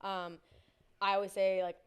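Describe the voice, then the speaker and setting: A woman's voice: mid-range voice, moderate pace, clean tone. A young Canadian woman co-hosting a casual sports podcast, upbeat and chatty with a lot of "like.". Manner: upbeat, lively, filler "like". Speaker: podcast co-host. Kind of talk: casual chat.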